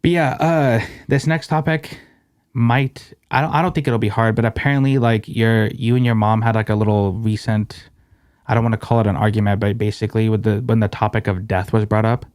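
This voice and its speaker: A man's voice: fairly low pitch, steady tone, fairly quick, darkish tone, clear, resonant tone, no echo, clean studio sound. A young man hosting a podcast in casual chat, laid-back and slangy, with lots of filler words. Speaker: podcast host.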